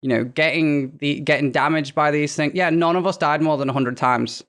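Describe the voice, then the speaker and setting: A woman's voice: deep voice, moderate pace. A woman, a podcast guest telling gaming stories in casual chat, swearing freely and acting out quotes. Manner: animated storyteller, swears freely, acts out quotes.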